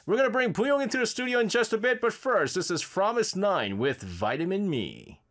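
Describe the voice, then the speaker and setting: A talkative man hosting a live radio show from the studio, his pitch swinging up and down as he rambles. He laughs easily and fills his sentences with loose asides while reading out what listeners send in. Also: sing-song, moderate pace, a bit bright. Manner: chatty, laughs often, loose with fillers.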